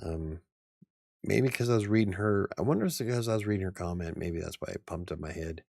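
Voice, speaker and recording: A man's voice: sits low, fast, gravelly, a little mellow, no room sound, studio quality. A man hosting a casual livestream chat, rambling, joking at his own expense and laughing often. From United States. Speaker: livestream host.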